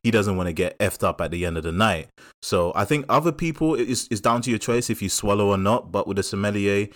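A young man with a very deep voice, co-hosting a casual podcast. He jokes around, leans into playful asides and keeps the chat moving. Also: fast, fairly bright tone.

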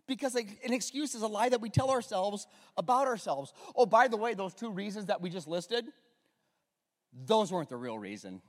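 In a large church hall, a middle-aged male pastor delivers a sermon in a high, lively voice that leaps around his register. Animated and joking with the congregation, he swings from loud bursts to near-hushed asides as a long echo rings through the space.

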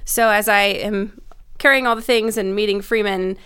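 Animated woman telling a funny work story. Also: mid-range voice, moderate pace, smooth. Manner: animated, self-mocking storyteller who acts out quoted lines. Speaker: trade show event staff member. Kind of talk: casual anecdote.

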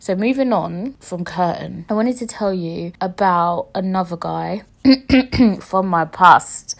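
A woman's voice: on the low side, gravelly. A young woman, hosting a podcast and telling a story in casual chat, blunt, swearing freely and laughing as she goes. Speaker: podcast host.

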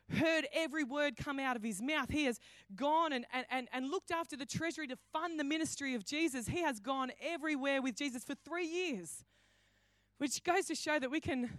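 A woman pastor with a high-pitched voice preaches a sermon, recorded with no room sound. She tells the story by acting out quoted lines and restarts her sentences often.

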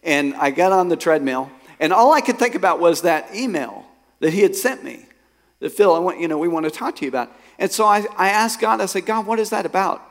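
A male pastor preaching a sermon. He tells a personal story and swings from quiet reflection to emphatic, rising bursts. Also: high-pitched, lively intonation, brisk. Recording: long hall reverb.

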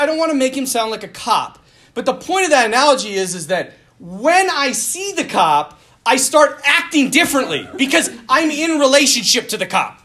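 A young male priest preaching a sermon in an animated, self-deprecating way, often laughing at himself. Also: very high voice.

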